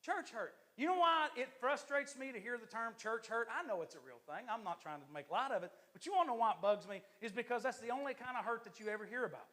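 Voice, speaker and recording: Man, assistant pastor, sermon in church, very high pitch, lively and joking. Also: fast, few pauses. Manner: lively, joking and preaching to the congregation.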